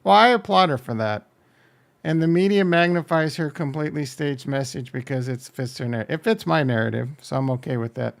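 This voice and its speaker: A man's voice: a little high, fairly quick, creaky. A man reacting to online videos, talking bluntly and joking crudely over the clips.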